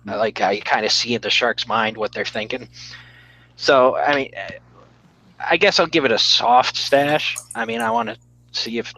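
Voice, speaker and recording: A man's voice: mid-range voice, moderate pace, creaky, pushed and bright, poor audio. A man casually reviewing a comic on a live stream, blunt and rambling, swearing freely.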